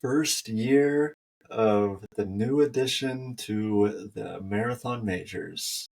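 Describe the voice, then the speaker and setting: Low-voiced man, a bit off-mic. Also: slow, creaky, darkish tone, recorded from a distance. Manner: chatty, trailing off with fillers. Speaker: podcast co-host. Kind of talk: casual chat.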